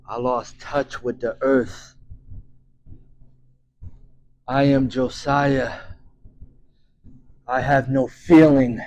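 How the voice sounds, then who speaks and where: A man voicing an anguished grown man searching for his lost daughter, in a slow, solemn monologue that drops into whispers. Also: medium pitch, darkish tone, muffled recording, slight background noise. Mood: numb. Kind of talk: dramatic monologue reading.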